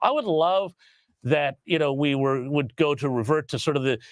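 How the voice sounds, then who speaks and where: A man joining a live discussion, speaking haltingly with many restarts and fillers. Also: fairly high pitch, no room sound. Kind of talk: casual debate.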